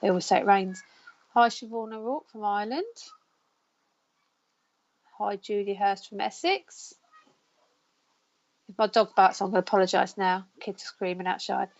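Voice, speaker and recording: A woman's voice: mid-range voice, fairly even intonation, normal speed, gravelly, pauses often, lo-fi sound. A woman hosting a live psychic counselling stream, chatting and greeting her viewers by name. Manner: chatty, warm greetings, reads out viewer names.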